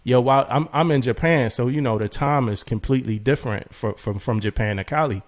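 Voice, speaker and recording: A man in casual podcast chat, spinning a story with lots of energy. He acts out both sides of a text exchange and breaks into laughter often. His voice sits at an ordinary middle pitch. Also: brisk. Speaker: podcast co-host.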